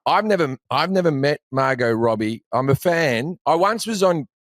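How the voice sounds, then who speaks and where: Swearing comedian, dry sound. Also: male voice, fairly high pitch, expressive, moderate pace, no room sound. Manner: rambling storyteller, swears freely. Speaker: comedian guest. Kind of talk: casual podcast chat.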